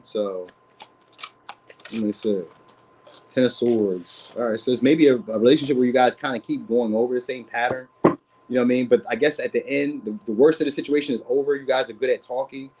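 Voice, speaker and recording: Fast-talking man giving a casual tarot reading. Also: mid-range voice, darkish tone, breathy edge, rough recording. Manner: rambling, slangy, keeps asking "you know what I mean?". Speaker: tarot reader.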